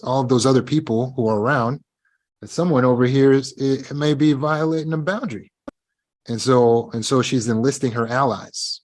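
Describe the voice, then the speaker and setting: A man at an ordinary pitch gives an emphatic self-help lesson to his students. He talks straight to them and acts out what the people in his examples say, then drops back into his plain teaching voice. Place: live online meeting.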